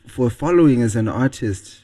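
A man co-hosts a casual radio show and ribs the guest with playful questions. His voice has a husky grain at an ordinary male pitch. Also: expressive, moderate pace, warm tone. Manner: teasing, joking. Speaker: radio co-host. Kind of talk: casual banter.

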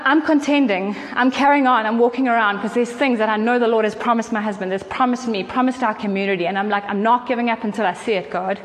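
Earnest woman preaching. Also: on the high side. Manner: earnest, conversational, with quick asides. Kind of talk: sermon. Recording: faint hall reverb and noise.

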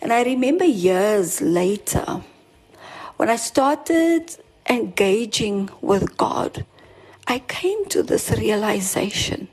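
A woman's voice: mid-range voice, sing-song, slow pace, darkish tone, slightly rough, low-quality recording. A woman preaching a sermon, telling her own story earnestly, repeating herself as she stresses her points. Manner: earnest, with restarts and rising emphasis. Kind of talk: sermon with personal testimony.

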